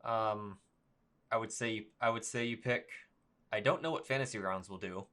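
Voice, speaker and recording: Low-voiced man running a tabletop game. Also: fairly bright tone. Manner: halting, full of ums and restarts. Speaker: dungeon master. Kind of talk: narrating a tabletop game over voice chat.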